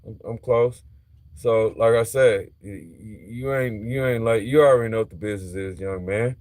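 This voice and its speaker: A man's voice: fairly low pitch, normal speed, a little mellow, no room sound. A middle-aged man chatting loosely with viewers on a livestream while working on a truck. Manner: loose, chatty, talks straight to viewers in slang. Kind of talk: casual live chat while working on a truck.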